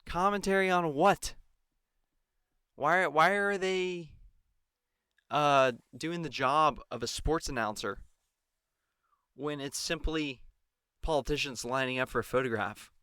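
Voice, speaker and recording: Sarcastic man with a crisp, dry voice. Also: on the high side, takes it slowly, pauses often, pushed and bright, no echo. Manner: mocking, mimics the anchors in exaggerated voices. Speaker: political commentator. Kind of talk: sarcastic solo commentary.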